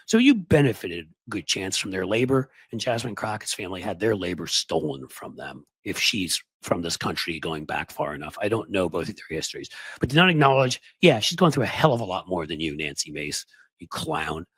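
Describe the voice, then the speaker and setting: A man hosting political commentary in a sarcastic, mocking, animated way. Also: sits low, breathy edge, no echo.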